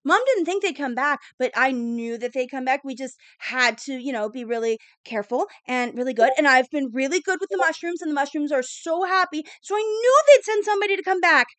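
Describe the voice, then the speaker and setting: A woman voicing an eager little girl of about six who babbles excitedly in a fantasy tabletop game. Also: sits high, fairly quick, few pauses, dry recording.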